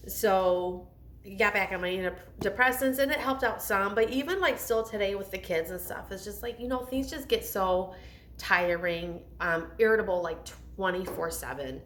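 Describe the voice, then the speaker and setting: A woman's voice: medium pitch, moderate pace, a bit bright, a little hiss or hum. A woman in her thirties telling her own motherhood story in a candid vlog, rambling and heartfelt, often stopping to restart her thoughts. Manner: rambling, heartfelt, self-interrupting. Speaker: mom vlogger.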